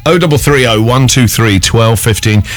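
A man hosting a radio show, trading quick, playful banter. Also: medium pitch. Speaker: radio host.

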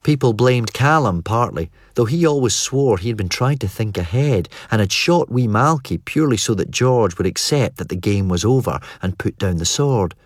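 A man narrating an audiobook in a measured, wry storytelling manner. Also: on the low side, animated, slightly rough, no room sound, studio quality. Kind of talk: scripted narration.

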